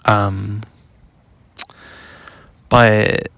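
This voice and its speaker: A young adult podcast host telling a long personal story outdoors in a rambling, casual way, full of "like" and "um". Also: male voice, lowish voice, level tone, extremely slow, creaky, a bit bright, dry recording. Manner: rambling, lots of "like" and "um", mimics others in quotes. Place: outdoors walking in the woods.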